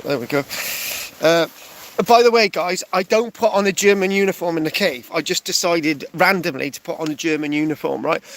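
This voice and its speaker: A man's voice: a little high, a bit bright, no echo. A man telling a rambling comic story, stopping often with "right?" and restarting his phrases. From England. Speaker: stand-up storyteller.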